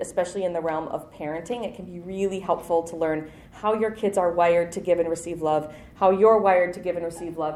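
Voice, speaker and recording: A woman's voice: on the low side, roomy sound. A woman in her thirties preaching a sermon in a conversational, self-deprecating way, with light laughs.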